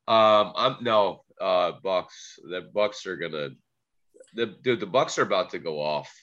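A man's voice: low-pitched, measured pace, fairly bright tone, muffled recording. A man co-hosting a casual sports betting chat, stuffy from allergies, laughing often and stumbling through restarts. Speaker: podcast co-host.

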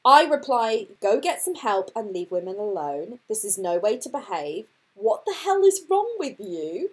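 Woman host, lively storyteller, husky voice, reads out the messages. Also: medium pitch, moderate pace. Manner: animated storytelling, reading out text messages. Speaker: podcast host telling her dating story. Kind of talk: casual chat.

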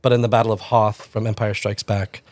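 A man's voice: on the low side, level tone, fairly quick, a little mellow, no room sound. A man from South Florida, a pastor co-hosting a podcast, easygoing and enthusiastic in casual chat, with many fillers.

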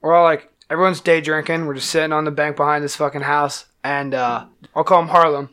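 A man, a band musician, telling a wild story in casual, profane talk, acting out the quotes loudly. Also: a little high, flat delivery, fairly quick, smooth.

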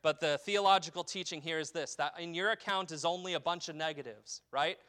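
A man preaching a sermon as pastor, reading scripture in a slow falling cadence and explaining it with emphatic rises and a frequent "okay?". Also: a little high, pushed and bright.

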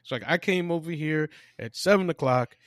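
A man's voice: fairly high pitch, normal speed, fairly bright tone, no room sound, studio quality. A man co-hosting a podcast, telling a work story in casual chat, cursing freely and acting out both sides of an argument. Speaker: podcast co-host.

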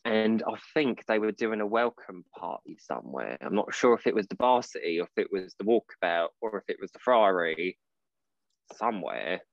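A man from Portsmouth, chatting casually as a podcast co-host, telling lively stories and acting out voices. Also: lowish voice, moderate pace, creaky, dry recording, lo-fi sound. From Portsmouth, England. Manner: chatty storyteller, calls his partner babe, acts out voices in quotes. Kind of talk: casual chat.

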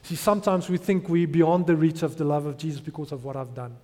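A man in his thirties delivers a heartfelt sermon testimony, his slightly high voice swelling into loud emphasis. The sound carries a long reverb from a big hall. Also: steady tone, fast talker. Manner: emotional storytelling, rising to loud emphasis. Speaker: preacher.

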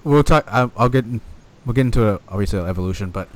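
A man's voice: mid-range voice, quick pace. A man co-hosting a casual wrestling podcast, talking animatedly, swearing often and venting exasperated gripes. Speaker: podcast co-host.

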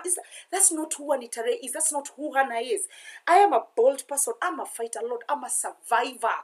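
A young woman speaking earnestly in a personal confessional vlog, often repeating self-affirmations. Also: a little high. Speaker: vlogger.

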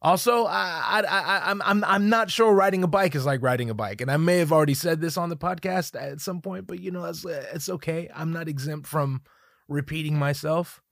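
A man's voice: fairly high pitch, normal speed, gravelly, a bit bright, no room sound. A man in his thirties hosting a solo podcast, rambling and joking with lots of profanity and self-mockery, recorded on a studio microphone at home. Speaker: podcast host. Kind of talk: solo casual podcast monologue. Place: home room with a dog nearby.

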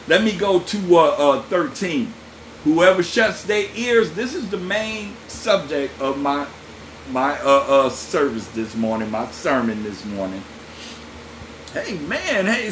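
Lively, animated man preaching. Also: medium pitch, a little hiss or hum. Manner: lively, folksy preaching with laughs and asides to listeners. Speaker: pastor. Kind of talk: sermon.

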